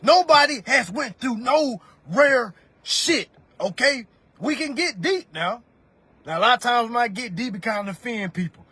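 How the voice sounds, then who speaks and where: His voice is extremely high, expressive, bright and forceful with a breathy edge, delivered at normal speed on a dry phone recording. The man, in his thirties, rants on a livestream about money, preachy and profane, addressing his viewers as family.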